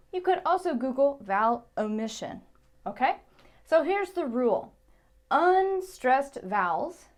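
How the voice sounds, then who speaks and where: An American woman leads a pronunciation lesson at an unhurried pace. Her voice sits a little high, and she says each example word twice, slowly and clearly. She often closes a point with a patient "okay?". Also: a little mellow. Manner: repeats words carefully, ends points with "okay?". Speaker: English pronunciation teacher. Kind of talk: slow, deliberate pronunciation lesson.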